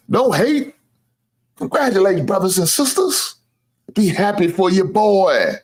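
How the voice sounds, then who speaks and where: Animated trash-talking male sports host. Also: high-pitched, slow, gravelly, pauses often, husky. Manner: boastful, teasing, swears often, laughs at his own jokes.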